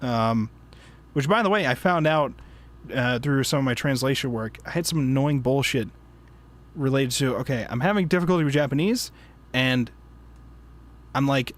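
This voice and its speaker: A man's voice: medium pitch, moderate pace, pauses often. A man hosting a casual book club chat, rambling with lots of fillers, laughing and breaking off mid-sentence. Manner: rambling, laughing, frequent fillers and self-interruptions. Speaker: podcast host.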